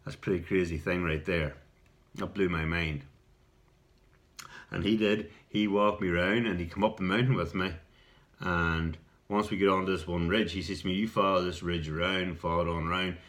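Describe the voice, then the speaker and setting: A middle-aged Irish man telling a rambling personal story in a casual vlog, repeating words and clearing his throat now and then. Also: deep voice, steady tone, normal speed. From Ireland. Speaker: video response storyteller.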